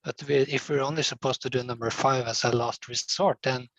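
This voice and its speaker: A man's voice: mid-range voice, steady tone, brisk, a bit bright, no room sound, poor audio. A man taking part in a discussion group over a video call, asking a question as he reasons it out a little hesitantly.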